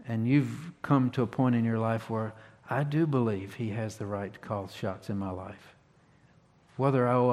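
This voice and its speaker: A man's voice: medium pitch, big-room sound. A man preaching a conversational sermon in a folksy, plainspoken way, restarting phrases and punching key words. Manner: folksy, plainspoken, restarts often, animated emphasis. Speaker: pastor.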